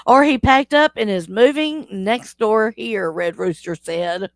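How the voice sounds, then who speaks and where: Slow, chatty woman hosting a live stream. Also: medium pitch, dry recording, clean studio sound. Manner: chatty and teasing, reads chat aloud and laughs often. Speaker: livestream host. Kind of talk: casual live chat with viewers.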